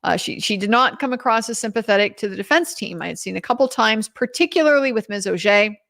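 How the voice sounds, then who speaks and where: A woman's voice: medium pitch, quick pace, creaky, a bit bright. A woman commentator giving a casual, chatty recap of a trial, with many restarts and quoted lines.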